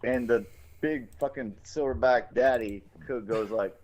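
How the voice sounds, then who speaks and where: A man's voice: mid-range voice, measured pace. A man co-hosting a podcast, rambling loosely from topic to topic and swearing freely. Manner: rambling, profane and animated. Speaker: podcast co-host. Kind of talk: casual podcast chat. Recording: dull lo-fi recording.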